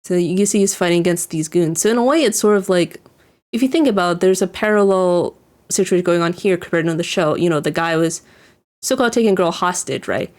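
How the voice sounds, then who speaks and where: A woman's voice: lowish voice, quick pace, a little mellow. A woman giving casual reaction commentary on an anime episode, rambling with lots of fillers and restarts. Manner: rambling, lots of "like" and restarts, chuckles while describing scenes.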